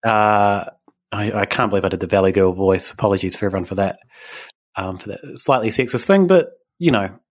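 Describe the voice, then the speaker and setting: A man's voice: lowish voice, fairly quick. A man co-hosting a casual podcast chat, rambling and hesitant, with lots of fillers and restarts. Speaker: podcast co-host.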